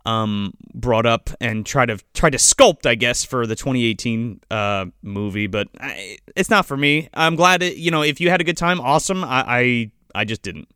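Smooth-voiced man hosting a podcast. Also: medium pitch, bright, forceful tone, no room sound, clean studio sound. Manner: laid-back, profane, rambling. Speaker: podcast host. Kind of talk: casual podcast chat.

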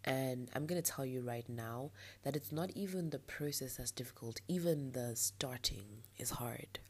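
Low husky young woman ranting candidly. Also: normal speed. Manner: candid, frustrated, ranting with soft laughs. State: blocked nostril. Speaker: podcast host. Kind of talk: late-night personal monologue.

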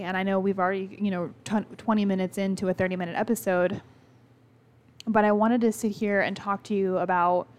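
A woman hosting her own podcast, telling a personal story in a candid, rambling way with many fillers. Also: mid-range voice. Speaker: podcast host. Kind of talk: casual solo podcast talk.

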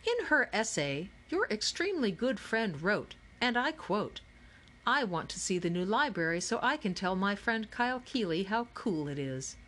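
A woman's voice: mid-range voice, big pitch swings, normal speed, a bit bright. A woman voicing an eccentric older male game-maker in an audiobook, lilting and grandly amused. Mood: playful.

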